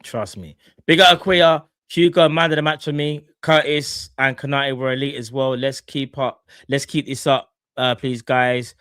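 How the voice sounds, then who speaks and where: A young man hosting a casual live fan stream, shouting out viewers in slangy talk. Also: mid-range voice, moderate pace, few pauses, clear, resonant tone, dry recording, clean studio sound. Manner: slangy, animated, shouting out chat members.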